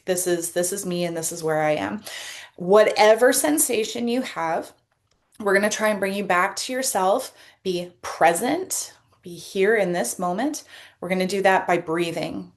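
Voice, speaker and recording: A woman coach leading a guided self-care session with a breathing exercise, speaking calmly and encouragingly into a laptop camera mic. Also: medium pitch. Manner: calm, encouraging, deliberate. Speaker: personal development coach.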